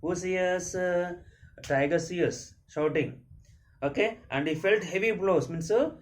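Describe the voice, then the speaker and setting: A male teacher with an Indian English accent walks a class through a story, somewhat high for a man. He reads a line, then explains it in his own words, pausing on fillers and starting sentences over. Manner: reads lines aloud, then paraphrases with many fillers and restarts. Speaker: school teacher.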